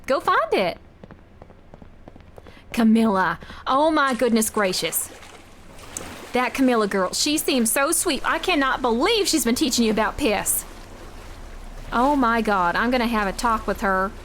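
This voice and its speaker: A prim, scandalized mother lecturing her children, as a streamer puts her on. The voice sits a bit high and exclaims with a fussy, scolding edge. A faint hiss hangs under it. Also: expressive, measured pace, long pauses, a bit bright.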